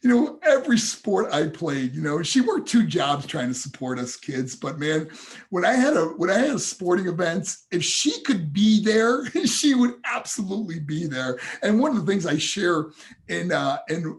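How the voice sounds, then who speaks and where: A man's voice: a little high, big pitch swings, moderate pace. A man talking as a podcast guest over a video call, telling a personal story earnestly and with feeling. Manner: earnest, emotional, addresses hosts as guys. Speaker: podcast guest, motivational speaker.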